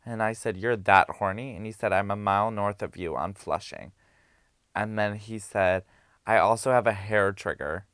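A young man with a low, smooth voice hosts a candid podcast. He reads messages aloud in a low-key, deadpan way and drops sassy asides. The recording is close and dry. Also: dry recording. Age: young adult. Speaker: podcast host. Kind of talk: candid reading of hookup-app messages.

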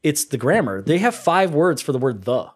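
Rambling storyteller man, fairly high voice. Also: sing-song, normal speed, husky. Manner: rambling storyteller, mock accents. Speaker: guest drifter. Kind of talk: casual podcast chat.

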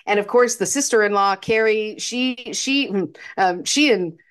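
A woman's voice: medium pitch, measured pace, a bit bright, clear, resonant tone. A woman co-hosting a podcast, chatting through a film's plot with hesitant restarts. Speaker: podcast co-host. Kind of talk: casual movie recap chat.

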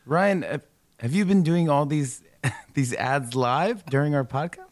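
A man's voice: on the high side, lively intonation, measured pace. A man co-hosting a podcast, chatting casually and jumping in with anecdotes. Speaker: podcast co-host.

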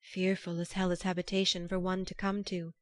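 A woman's voice: on the low side, little pitch movement, fairly quick, dry recording, natural voice. Solemn pale maiden guard, read by a woman. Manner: formal, archaic and stately. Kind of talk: storybook reading.

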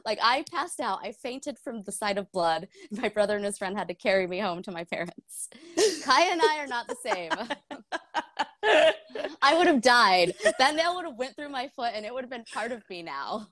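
A woman's voice: fairly high pitch, sing-song, normal speed, fairly bright tone. A young woman co-hosting a book club podcast, candid and laughing often, swearing casually. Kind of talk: casual chat.

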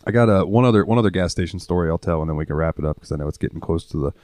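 A young man with a Southern US accent, co-hosting a podcast and telling profane, animated stories from his job. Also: low voice, rapid-fire, no echo. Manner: profane, animated storyteller acting out customers. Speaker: podcast co-host. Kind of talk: casual chat, storytelling.

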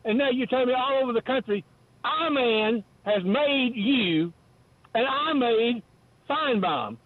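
A man's voice: very high voice, expressive, unhurried, no room sound. A man calling in to a sports radio show, rambling and jokey, stammering over his words, heard on a tinny phone line. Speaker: regular caller. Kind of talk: call-in chat.

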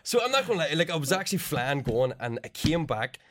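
A man's voice: on the high side, sing-song, quick pace, background noise. A man co-hosting a podcast, talking in a laid-back way with plenty of "um" and "like". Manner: laid-back, full of fillers like um and like. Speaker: podcast co-host. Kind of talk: casual chat.

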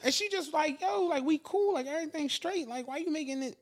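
A man spinning a story on a casual podcast, breaking into laughter again and again. He acts out the other people in the tale as he goes, and the talk stays loose and lively. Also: very high voice, fairly quick. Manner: laughing, animated storytelling with voiced quotes. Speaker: podcast co-host.

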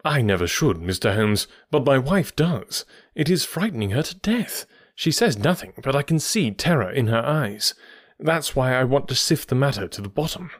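A man voicing an anxious, earnest country gentleman who speaks plainly and with worry. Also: medium pitch, sing-song, moderate pace. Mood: worried. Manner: plain-spoken and worried.

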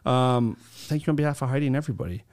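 A man hosting a casual podcast, talking with crude jokes and lots of energy. His pitch sits in the middle range for a man. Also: racing, clean tone. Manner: crude, joking, animated. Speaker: podcast host.

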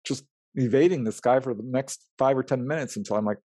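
A man's voice: medium pitch, a little fast, no echo. A man, a researcher and writer, telling his experiences in an interview, acting out the dialogue with laughs. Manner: animated, acts out quoted dialogue with laughs. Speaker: guest, UFO researcher and writer. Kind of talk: storytelling in an interview.

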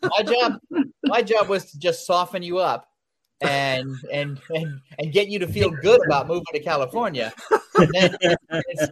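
Male guest, slightly high voice, blunt straight-talking storyteller who chuckles. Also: expressive, normal speed. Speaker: comics publisher guest. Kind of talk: casual chat.

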